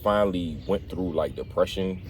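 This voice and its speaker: A man hosting a casual sit-down conversation, telling stories in a lively, self-mocking way. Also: low-pitched, moderate pace, a little hiss or hum. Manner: animated storyteller, laughs at himself. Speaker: host.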